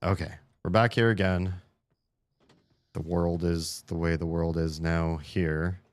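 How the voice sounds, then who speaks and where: A man with a very low voice talks his way through a puzzle game on a live stream. He rambles, pokes fun at himself and curses when stuck. He jumps into high, excited shouts when a puzzle finally works. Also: unhurried. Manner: rambling, self-mocking, swears when frustrated; bursts into high excited shouts at small wins. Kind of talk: live gameplay commentary.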